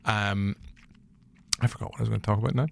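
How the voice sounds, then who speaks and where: A man's voice: on the low side, fairly even intonation, quick pace, creaky. Jokey, rambling Northern Irish man. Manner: jokey, rambling storyteller who laughs often. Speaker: podcast host. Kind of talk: casual chat.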